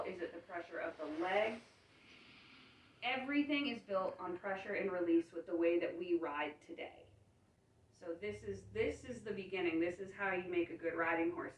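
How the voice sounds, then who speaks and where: A woman training a horse, explaining calmly and praising the animal as she works. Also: on the low side. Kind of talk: hands-on training demonstration. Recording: roomy, distant, faint ambient noise.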